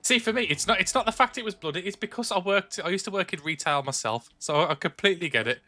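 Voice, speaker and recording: A man's voice: high-pitched, expressive, fast, bright, forceful tone. A young man from England's Black Country with an English accent, chatting casually and rambling while streaming a game from home. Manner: rambling, chatty, frequent restarts and filler. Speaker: gaming streamer. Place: home room.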